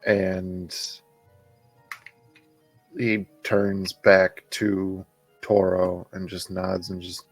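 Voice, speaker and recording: Male player, deep husky voice, slow and even. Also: faint music behind. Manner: slow, hesitant narration. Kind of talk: casual play narration.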